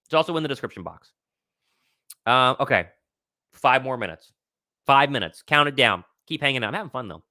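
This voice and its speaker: A young man hosting a live sports stream, talking with excitable confidence and reading out viewers' questions. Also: medium pitch, brisk, pauses often, no room sound, studio quality. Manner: excitable, confident, reads chat questions aloud. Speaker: host of a sports livestream. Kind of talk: live pregame Q&A commentary.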